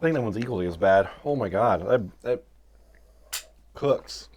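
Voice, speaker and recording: Teasing American man with lively pitch. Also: measured pace, a little hiss or hum. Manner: teasing, laughs a lot. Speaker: podcast co-host. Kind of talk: casual chat while eating hot sauce.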